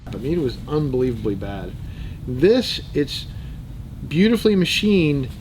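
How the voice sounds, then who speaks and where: A man's voice: mid-range voice, big pitch swings, measured pace, a little mellow, slight background noise, low-quality recording. A man chatting casually as host, thinking aloud and joking in rambling tangents while he works with his hands. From United States. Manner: thinks aloud, muttering to himself while working. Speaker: channel host. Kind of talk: casual chat while taking apart and cleaning a gun.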